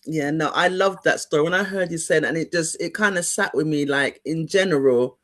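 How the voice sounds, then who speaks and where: A man's voice: a little high, a little fast, a bit bright. Man hosting, rambling and searching for words. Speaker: interview host. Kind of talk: conversational interview.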